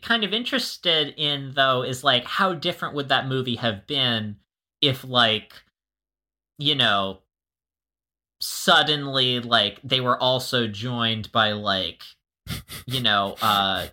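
A podcast co-host in casual chat, joking with halting starts and restarts. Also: medium pitch, bright, forceful tone.

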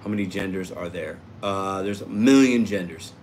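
A man's voice: low-pitched, moderate pace, darkish tone, slight background noise. A man hosting a casual livestream, reading out and answering viewer comments in an upbeat, chatty way. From Puerto Rico. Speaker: livestream host reading chat.

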